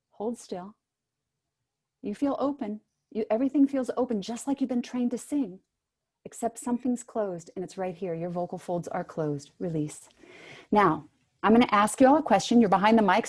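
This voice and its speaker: A woman's voice: mid-range voice, a little mellow, breathy edge. Woman coaching singers over a call. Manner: brisk, encouraging coaching with spoken demonstrations. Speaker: voice teacher. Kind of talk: online singing workshop instruction. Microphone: video call microphone.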